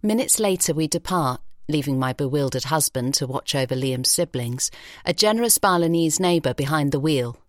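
A woman reading an audiobook story in a measured, expressive way in a recording studio. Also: low voice, no echo. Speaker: audiobook narrator. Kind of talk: scripted narration. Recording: dry studio sound.

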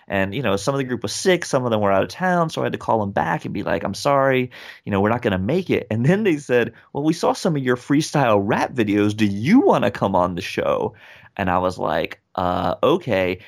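A young man, a rapper, telling a story in a casual interview and acting out the people in it. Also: fairly low pitch. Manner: animated, acts out quoted voices. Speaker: guest, rapper and speaker.

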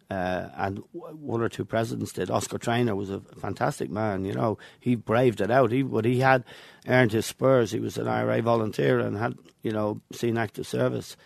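Here the voice is lowish, gravelly and a bit mellow, captured in a dry recording. An older man from Ireland, guesting on an interview, recalls his football past in a string of anecdotes punctuated by chuckles.

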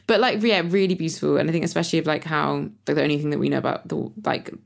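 A woman with a very low voice and a gravelly fry at the ends of her words. She muses in a relaxed podcast chat, circling back with lots of fillers and restarts as she thinks out loud. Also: rapid-fire. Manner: reflective, many fillers and restarts. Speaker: podcast co-host and author. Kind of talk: casual conversation.

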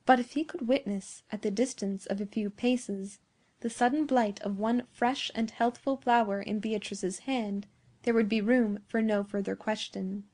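A woman's voice: fairly high pitch, steady tone, darkish tone. A woman reading a classic tale aloud. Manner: measured storytelling. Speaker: audiobook narrator. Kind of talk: scripted narration.

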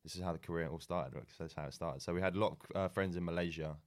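A young man with a very low voice tells his story as a podcast guest. He rambles along in a relaxed, chatty way, full of ums and false starts. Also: very fast. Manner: rambling, frequent ums and restarts, laid-back. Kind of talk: casual storytelling chat.

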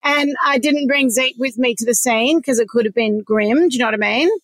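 A woman's voice: a little high, brisk, fairly bright tone, no echo. An Australian woman in her forties, candidly telling a personal story, swearing freely and laughing through hard memories. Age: 40s. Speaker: podcast guest.

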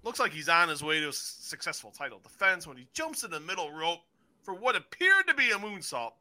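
Male podcast host, high and very lively voice, bright edge, swears and tells stories with energy. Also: fairly quick. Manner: excitable, swears freely, acts out stories. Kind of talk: casual wrestling review chat.

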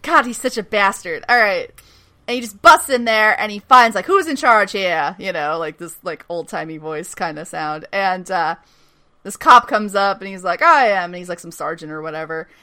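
A woman's voice: on the low side, moderate pace, bright, forceful tone. A woman casually recapping a TV episode as a podcast host, laughing often, swearing, and acting out quotes.

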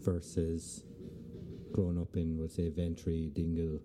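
A man's voice: deep voice, completely flat delivery, measured pace, music in the background. A man with a County Clare accent, hosting a podcast in casual, joking chat. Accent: Irish, County Clare. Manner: chatty, jokey interviewer. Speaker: podcast host.

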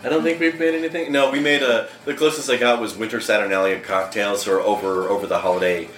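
A man's voice: lowish voice, fairly even intonation, fast, a bit bright. A man hosting a podcast, chatting animatedly about video games and films, swearing freely. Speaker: podcast host. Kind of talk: casual gaming chat. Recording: roomy echo with faint music.

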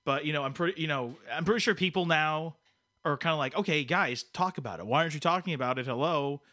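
Bright-voiced podcast co-host, a man. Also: fairly high pitch, quick pace. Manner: chatty, teasing, many restarts. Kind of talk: podcast talk.

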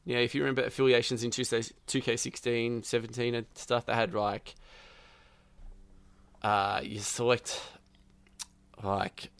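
A man's voice: medium pitch, little pitch movement, unhurried, long pauses, a bit bright, smooth, dry recording. Profane rambling man, dry sound. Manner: rambling, profane, full of fillers. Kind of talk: casual chat about a video game.

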